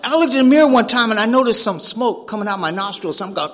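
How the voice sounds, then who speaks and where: A man's voice: high-pitched, expressive, fast talker, fairly bright tone. A man speaking at a recovery meeting, telling his story in a casual way with laughing asides and frequent "right?". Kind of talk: storytelling talk to an audience.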